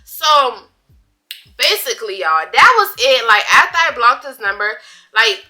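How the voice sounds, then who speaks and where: A woman's voice: on the high side, a little slow. A young woman in a casual storytime vlog, chatty and dramatic, using slang and talking straight to her viewers. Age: young adult. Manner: chatty, animated, dramatic retelling with asides to viewers; drawled slang, casual speech. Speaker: vlogger.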